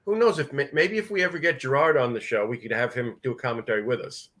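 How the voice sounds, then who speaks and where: A man's voice: mid-range voice, fast talker, fairly bright tone. A man co-hosting a casual episode commentary podcast, matter-of-fact, giving short replies and plain instructions. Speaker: podcast co-host.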